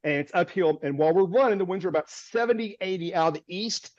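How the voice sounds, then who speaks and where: A man's voice: sits high, fast, no room sound. A man, a storm chaser guest, telling a story vividly, with restarts and short nervous laughs, over a video call. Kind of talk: animated storytelling. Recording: dull, dry, lo-fi audio.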